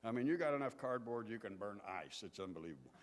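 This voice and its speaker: A man's voice: lowish voice, sing-song. Folksy male pastor in a big hall. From southern Indiana, USA. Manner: folksy, anecdotal, unhurried. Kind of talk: sermon storytelling. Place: church sanctuary. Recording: long hall reverb.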